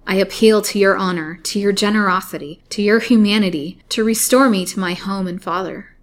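A woman's voice: mid-range voice, normal speed, lightly acted. A woman voicing a frightened young woman held captive, pleading and crying out in a storybook reading. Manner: imploring, rising to frantic outbursts.

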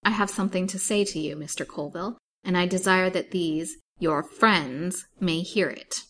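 A woman reading aloud gives voice to a proud young lady with a cutting, imperious tone, lifting her voice a little above the narration to lay bare the scorn of someone who has been wronged. It is a storybook reading at a calm, steady level. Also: on the low side, normal speed.

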